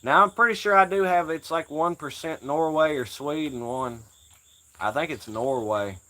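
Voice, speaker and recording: A man's voice: fairly high pitch, moderate pace, bright, forceful tone. An American man rambling casually on a livestream, jokey and profane. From United States. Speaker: livestream host.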